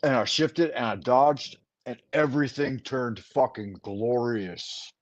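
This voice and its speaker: A man's voice: medium pitch, slow pace, dry recording, muffled recording. A man hosting a casual chat, giving a profane, rambling pep talk over a remote call. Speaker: host.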